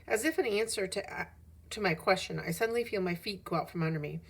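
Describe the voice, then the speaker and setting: Husky-voiced woman reading a children's story. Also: mid-range voice, fast. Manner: lively, animated storytelling with rising emphasis. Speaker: audiobook reader. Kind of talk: expressive reading of a children's novel.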